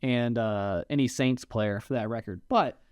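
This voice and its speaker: A man co-hosting a casual podcast, bantering with a joking, animated manner. His voice is smooth and clear, recorded close and dry with no room sound. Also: mid-range voice, unhurried, dry recording. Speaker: podcast co-host. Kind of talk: casual chat. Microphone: podcast mic.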